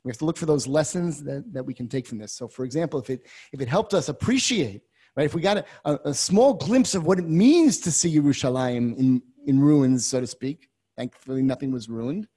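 A man teaching a class on a biblical text, moving from quiet asides to loud, impassioned readings and using many Hebrew terms. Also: mid-range voice, brisk, slightly rough. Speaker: Torah teacher.

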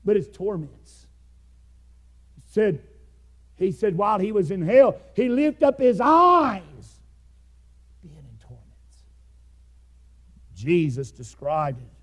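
A man preaching a fiery sermon, swinging between loud shouted climaxes and hushed low passages. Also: very animated, a little slow.

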